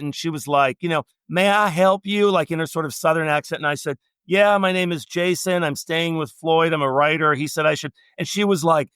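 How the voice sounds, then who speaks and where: A middle-aged man, a travel writer guest, telling long anecdotes and quoting people in animated storytelling. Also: a little high, no echo. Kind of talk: storytelling interview.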